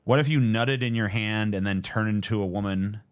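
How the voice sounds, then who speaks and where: A man's voice: lowish voice, normal speed, clear, resonant tone, faint music behind. A man in his twenties chatting casually on a live stream, joking and swearing as he answers viewers. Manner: joking, profane, laid-back.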